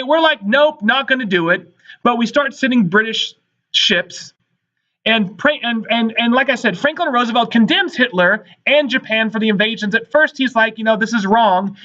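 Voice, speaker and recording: A man's voice: high-pitched, bright, forceful tone. A man teaching a history lesson, talking emphatically to his students, often checking in with "all right" and "guys". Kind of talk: recorded classroom lecture. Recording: dull lo-fi recording.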